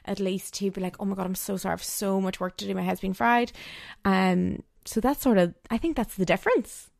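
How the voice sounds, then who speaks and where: A woman's voice: medium pitch, vocal fry, a little mellow, no room sound, studio quality. A young woman hosting a casual solo podcast, chatting with lots of fillers and acting out quoted lines. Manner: chatty, frequent "like" fillers, acts out quoted dialogue. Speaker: podcast host.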